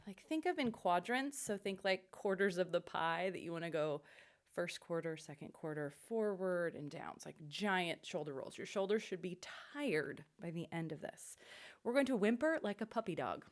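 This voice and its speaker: A middle-aged woman vocal coach leading a warm-up lesson with upbeat, encouraging instructions. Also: fairly low pitch, animated, moderate pace.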